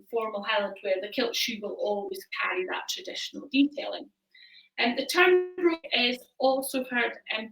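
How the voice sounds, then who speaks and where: A woman's voice: on the high side, sharp tone, distant mic. A woman presenting a live shop chat from home, explaining things with many ums and small hesitations. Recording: echoey room, away from the mic.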